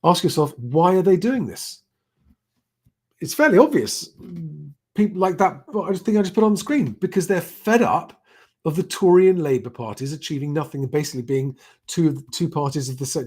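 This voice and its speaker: A man's voice: fairly high pitch, very animated, a little fast, breathy edge. A middle-aged man hosts a casual live stream, reading out chat comments and rambling with many fillers and restarts.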